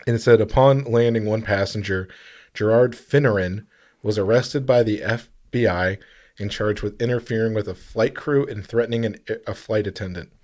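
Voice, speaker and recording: A man co-hosting a podcast in casual chat, rambling and halting with frequent fillers, sometimes reading out a story. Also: lowish voice, a little mellow. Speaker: podcast co-host.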